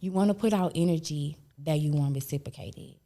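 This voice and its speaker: A woman's voice: low voice, fairly quick. Blunt, slangy woman in her thirties. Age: 30s. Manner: blunt, animated, laughs often, slangy. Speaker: podcast host. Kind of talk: casual chat.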